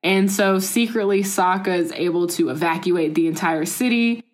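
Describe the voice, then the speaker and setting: A woman's voice: on the low side, moderate pace. A woman co-hosting a casual podcast, recapping episodes with laughs and playful quoted voices. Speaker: podcast co-host. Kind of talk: casual chat.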